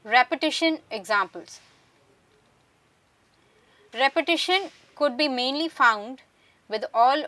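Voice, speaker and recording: Bright-voiced woman lecturing, mic set back. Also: high voice, no echo. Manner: measured, explanatory. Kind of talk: scripted lecture narration. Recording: voice distant from the mic.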